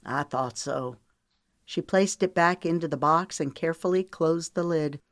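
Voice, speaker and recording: A woman narrating a romance audiobook in a smooth, measured storytelling manner on a close studio mic. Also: low-pitched, no room sound. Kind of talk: scripted narration.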